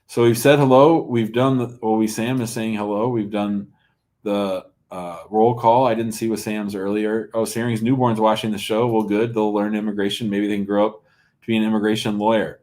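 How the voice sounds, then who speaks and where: A man's voice: lowish voice, little pitch movement, moderate pace, darkish tone. A middle-aged man hosting a live call-in show as an immigration lawyer, blunt and joking as he reads out viewer comments. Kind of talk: casual live-stream chat.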